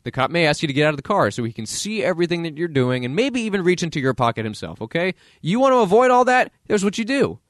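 A man's voice: a little high, big pitch swings, fast, hardly any pauses, no echo, studio quality. A man hosting a podcast with casual opinion commentary, blunt and acting out voices of other people in his dialogue. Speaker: podcast host.

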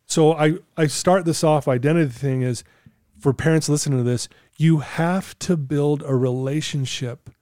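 A man's voice: on the high side, steady tone, normal speed, warm tone, no echo, clean studio sound. A middle-aged man sharing parenting advice in a casual podcast chat, earnest and coaching. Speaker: podcast guest.

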